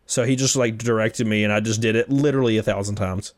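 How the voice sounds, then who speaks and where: A young man telling stories in casual chat, rambling and animated with lots of fillers. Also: lowish voice, fast talker.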